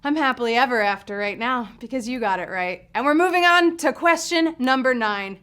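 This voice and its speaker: A woman's voice: on the high side, expressive, brisk, pushed and bright. A woman hosting a live trivia game show, reading questions with playful, teasing, chatty asides.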